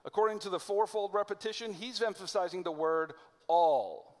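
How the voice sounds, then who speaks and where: A man from America preaching a sermon in a conversational way, slowing down to stress key phrases. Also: sits high. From United States. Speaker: pastor. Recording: long hall reverb.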